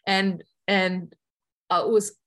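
A woman's voice: medium pitch, flat delivery, slow, a bit bright. Reflective woman with a Newfoundland accent. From Newfoundland, Canada. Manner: reflective, earnest, many fillers and restarts. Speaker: guest. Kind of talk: casual conversational interview.

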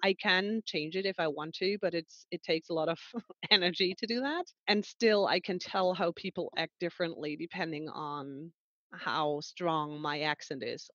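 A woman's voice: lowish voice, moderate pace, a bit bright, no echo, highs cut off. A woman from Germany who is a language teacher, talking candidly and laughing easily in a conversation. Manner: candid, laughing, self-reflective. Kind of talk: conversational interview.

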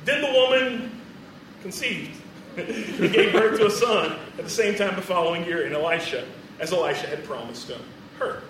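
A man's voice: high voice, lively intonation, moderate pace, a bit bright, far from the mic, a little hiss or hum. A man preaching a sermon in a casual, joking way, often chuckling between phrases. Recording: echoey hall, voice from afar.

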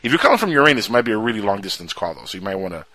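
A quick-talking man hosting a call-in show with a bright, forceful voice. He rolls out playful, hyped introductions and jokey asides. The sound is dry and close to the mic. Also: fairly low pitch, big pitch swings, dry recording. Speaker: host. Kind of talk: casual call-in show chat.

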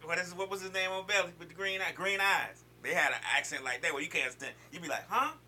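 A man with a Southern US accent bantering excitably and profanely as a podcast co-host. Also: fairly high pitch, fast talker, heavy background noise. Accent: Southern US, Georgia. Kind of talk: casual chat.

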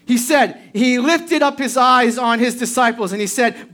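A woman's voice: on the high side, normal speed, few pauses, a bit bright. A woman preaching a sermon to a congregation, emphatic and full of rhetorical questions. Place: church service before a congregation.

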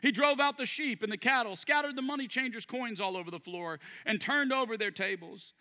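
Bright, high-voiced preaching man. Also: brisk, in a large hall. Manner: animated, jokey preaching with prayer and scripture reading. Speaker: pastor. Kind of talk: sermon. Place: church room before a congregation.

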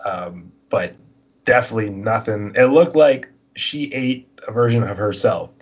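A man's voice: lowish voice, moderate pace, breathy edge. A man casually telling a long personal story, acting out both sides of the dialogue in a rambling way.

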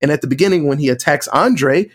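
A man talking through film trivia in a relaxed podcast chat, with a slightly higher voice than most men. He tells it with animated energy and often jumps into exaggerated quoted voices. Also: fast talker. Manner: animated storytelling, acting out quotes in shifting voices. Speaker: podcast co-host or guest. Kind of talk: casual movie discussion.

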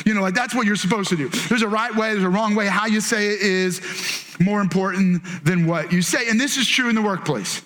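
A pastor in his thirties delivers a sermon in a playful, animated way. His voice sits unusually high and comes across bright and forceful, with acted-out quotes woven in. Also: fairly quick.

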